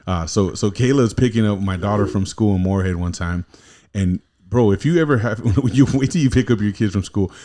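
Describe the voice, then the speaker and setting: Man, low voice, casual podcast host, profane, rambling. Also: brisk, dark tone. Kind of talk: casual chat.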